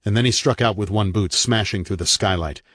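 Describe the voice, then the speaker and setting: A man with a very low voice narrates a horror audiobook in a dramatic, measured way. The recording is dry and close. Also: a bit bright, no room sound.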